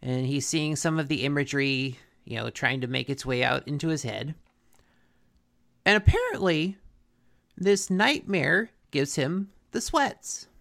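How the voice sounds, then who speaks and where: Gravelly, animated man recapping a cartoon. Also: fairly high pitch, measured pace. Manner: animated, acts out quotes from the episode. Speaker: podcast co-host recapping a cartoon. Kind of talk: casual recap chat.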